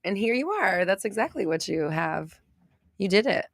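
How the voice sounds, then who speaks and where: A woman's voice: medium pitch, sing-song, normal speed, no room sound, clean studio sound. A woman with a valley girl accent hosting a podcast livestream, chatting casually and reading out viewer comments in a bubbly, chatty way with lots of fillers. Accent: American valley girl. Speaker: podcast host. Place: home studio.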